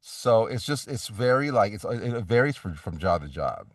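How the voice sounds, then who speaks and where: A deep-voiced man talks loosely as an interview guest, circling back and restarting his sentences. He sits well back from the microphone, and the room sounds dry with no echo. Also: sing-song, moderate pace, far from the mic. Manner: rambling, many restarts and fillers, acts out sample reads. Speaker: voice actor guest. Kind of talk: casual interview talk.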